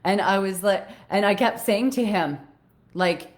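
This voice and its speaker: A woman life coach talking casually to her viewers in an earnest way, growing animated as she retells a story. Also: mid-range voice, unhurried. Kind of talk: casual live video talk.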